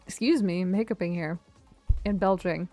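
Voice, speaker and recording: A woman's voice: medium pitch, animated, unhurried, no echo, soft background music. Rambling woman streamer, dry close voice. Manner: rambling, self-interrupting, nostalgic and jokey. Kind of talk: casual tier list commentary.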